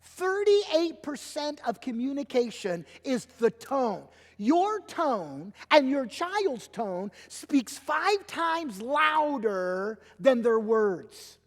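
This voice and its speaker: A middle-aged man preaching a sermon as pastor, emphatic and animated, acting out little quotes as he goes. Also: very high-pitched, very slow, few pauses. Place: church sanctuary. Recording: long church hall reverb.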